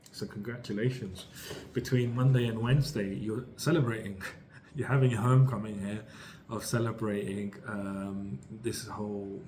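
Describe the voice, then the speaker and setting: A British man with a low voice gives a casual tarot reading, rambling and upbeat as he restarts his sentences. His pitch stays fairly flat, and faint noise hums under the recording. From United Kingdom. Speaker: tarot reader.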